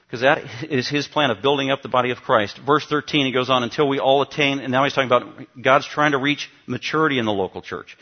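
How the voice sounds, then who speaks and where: A man's voice: mid-range voice, dull audio. A male pastor preaching a teaching sermon to his congregation, emphatic and given to asking them questions.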